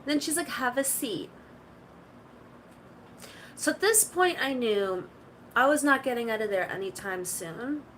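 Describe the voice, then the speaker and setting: Woman streamer, casual and chatty, meandering anecdotes, a bit high-pitched, faint hiss behind. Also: expressive, normal speed, fairly bright tone, poor audio. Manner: rambling storytelling, full of "like". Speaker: live streamer. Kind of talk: casual chat to stream viewers.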